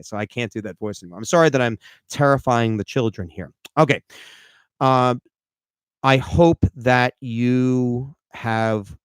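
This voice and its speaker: A man hosting a live podcast as a life coach, talking in an animated, rambling way with self-deprecating humor and frequent restarts. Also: mid-range voice, clear, resonant tone, no echo, clean studio sound.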